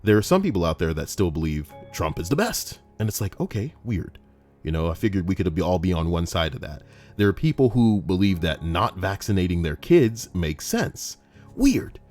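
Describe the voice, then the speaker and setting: A man's voice: sits low, lively intonation, fairly quick, a little mellow, faint music behind. A young man hosting a comedic commentary, reading online stories aloud, swearing, joking and switching into mock voices.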